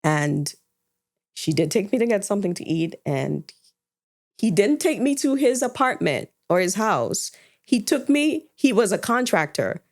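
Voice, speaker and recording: A woman's voice: medium pitch, big pitch swings, unhurried. A woman co-hosting a podcast, candidly retelling a personal story and acting out the dialogue. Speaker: podcast co-host.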